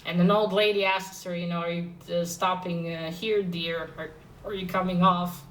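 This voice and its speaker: A woman with a fairly low voice walks through a comic book issue in a loose, chatty way. She hesitates a lot, fills gaps with "uh" and restarts her sentences. She sits a little away from the microphone. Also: steady tone, normal speed, fairly bright tone, far from the mic, slight background noise, rough recording. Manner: rambling, hesitant with many fillers and restarts. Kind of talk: casual comic recap.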